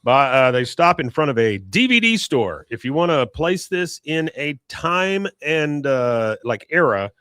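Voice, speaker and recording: A man's voice: on the high side, a little slow, few pauses, smooth, no room sound, studio quality. A man co-hosting a podcast, animatedly recapping an episode in casual chat. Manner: animated, acts out the quotes. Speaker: podcast co-host.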